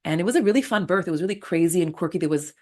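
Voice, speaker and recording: A middle-aged woman, a birth attendant, telling stories in a blunt, animated interview style and swearing freely. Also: lowish voice, very fast. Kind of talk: candid storytelling interview.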